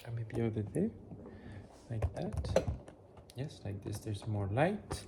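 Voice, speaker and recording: A man's voice: mid-range voice, very animated, slow pace, vocal fry, long pauses, background noise. A man chatting casually to his viewers while he cooks breakfast, rambling and correcting himself as he goes, filmed on a camera on a tripod in a home kitchen. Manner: chatty and rambling, with many fillers; self-correcting, thinks aloud. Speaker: vlogger. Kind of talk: casual chat while cooking.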